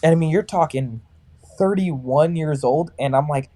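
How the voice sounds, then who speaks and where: A man's voice: a little high, moderate pace. A man in his thirties, a metal singer and barber from California, telling stories casually in an interview and acting out what other people said. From Sacramento, California. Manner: animated, acts out other people's lines. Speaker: metalcore band vocalist and barber. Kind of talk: casual storytelling in a podcast interview.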